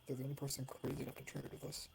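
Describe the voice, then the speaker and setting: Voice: mid-range voice, completely flat delivery, racing, vocal fry, background noise. A player in a tabletop game, chatting casually and describing a character's actions. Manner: casual, says "like" a lot.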